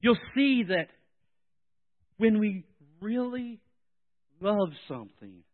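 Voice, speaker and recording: A man preaching a sermon in an animated way, swinging between soft and loud. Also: high voice, slow pace. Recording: tinny phone-like sound.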